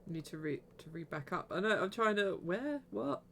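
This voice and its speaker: A woman's voice: lowish voice, expressive, normal speed, a little hiss or hum. A woman chatting casually on a gaming livestream, laughing often and reading the game text aloud. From Britain. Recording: loud game music behind the voice. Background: game music.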